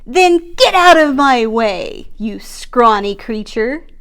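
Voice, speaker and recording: A nasty bully of a troll bellows threats from under his bridge, as a woman reading aloud puts him on. The voice sits a little high and the delivery is unhurried, with every word pushed out loud and growling. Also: expressive, clean tone, exaggerated voice. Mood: shouting.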